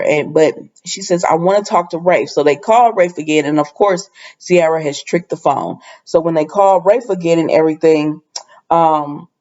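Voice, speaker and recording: A woman's voice: lowish voice, darkish tone, dull audio. A woman casually recapping a soap opera episode, rambling with lots of fillers and asides.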